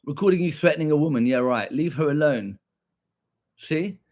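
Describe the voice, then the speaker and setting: A man's voice: fairly high pitch, normal speed, a little mellow. A young British man with a combative, profane manner, ranting back at viewers on a stream and repeating his points.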